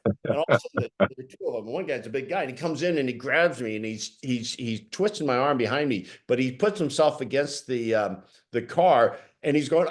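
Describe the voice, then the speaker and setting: Man, host, animated, chuckling, mid pitch. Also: brisk, hardly any pauses. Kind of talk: conversational interview.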